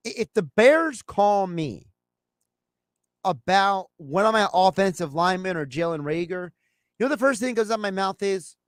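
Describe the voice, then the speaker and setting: A high-pitched male sports host talking in a loose, conversational way. He slips into little acted-out phone calls as he makes his points. The sound is close and dry, with almost no room around it. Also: normal speed, dry recording. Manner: animated, acts out imagined phone calls. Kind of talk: casual sports talk.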